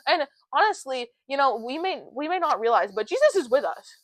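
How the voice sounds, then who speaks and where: Earnest young woman, bright-voiced faith chat. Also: high voice, brisk, dry recording, low-quality recording. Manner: earnest, chatty, retells Bible stories with lively quoted voices. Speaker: podcast co-host.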